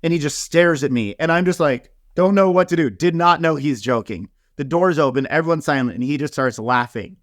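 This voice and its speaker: A man, a hairstylist guest in an interview, telling casual stories with an animated, chatty manner and lots of filler words. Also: on the high side, brisk, hardly any pauses, no echo, clean studio sound. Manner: animated, laughing storyteller with many fillers.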